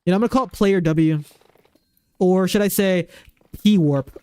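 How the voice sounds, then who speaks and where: Male streamer, pitched high with a warm tone, chatty and rambling as he answers his viewers. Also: moderate pace, long pauses, clean tone, no echo. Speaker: game streamer. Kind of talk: casual live-stream chat. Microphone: desk microphone.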